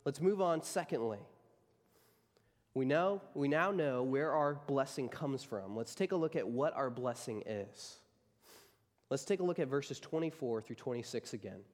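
A man's voice: medium pitch, big-room sound. A man preaching a sermon as a pastor, emphatic and driving his points home by repeating key phrases.

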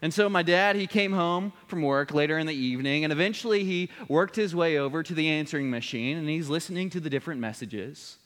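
Preacher telling a story in a big hall. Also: male voice, a little high, a little fast, hardly any pauses, fairly bright tone. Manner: earnest storytelling, building to a solemn appeal. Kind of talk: sermon with personal story. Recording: long reverb of a large hall.

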